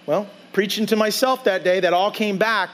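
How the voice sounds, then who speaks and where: A man's voice: high-pitched, normal speed, fairly bright tone. A male pastor preaching a conversational sermon in a church, telling a story and acting out his own side of the dialogue. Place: church sanctuary.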